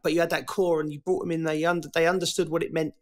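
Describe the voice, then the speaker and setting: A man's voice: fairly high pitch, little pitch movement, rapid-fire. A man, a podcast co-host telling stories in a chatty, laughing way. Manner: chatty, laughing storyteller, drops "mate". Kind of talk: casual podcast chat.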